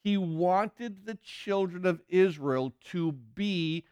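Earnest, smooth-voiced man preaching a sermon. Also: high-pitched, darkish tone, no room sound. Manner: earnest, repeats words while building a point; reads scripture slowly and deliberately. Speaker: pastor.

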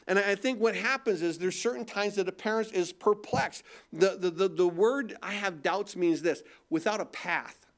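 High-voiced animated male preacher. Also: moderate pace. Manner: animated preaching, acting out quotes in shifting tones. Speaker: pastor. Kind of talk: sermon.

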